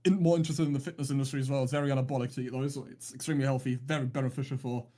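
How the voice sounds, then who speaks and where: A man casting a live esports stream, chatting casually with teasing, deadpan jokes and rambling restarts. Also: mid-range voice, very fast. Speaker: esports caster.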